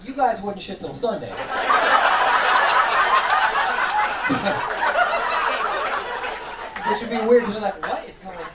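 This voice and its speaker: A man delivers a live stand-up routine on a club stage in a high-pitched voice, speaking fast with few pauses as he animatedly plays off the audience. The distant-mic recording of the roomy venue carries heavy background noise and a loud, laughing crowd.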